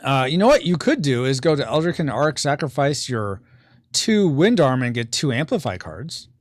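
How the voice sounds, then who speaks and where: A man hosting a podcast, explaining the rules of a board game he is designing and reading viewer comments aloud during a relaxed playtest. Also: mid-range voice, normal speed, no echo, clean studio sound.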